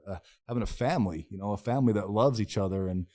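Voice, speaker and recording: Low-voiced man telling a raw personal story. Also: fast talker, a little mellow. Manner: raw, profane and emotional, with many restarts and repeated phrases; acts out his own past inner voice in quoted self-talk. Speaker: podcast guest. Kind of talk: candid personal storytelling in a podcast interview.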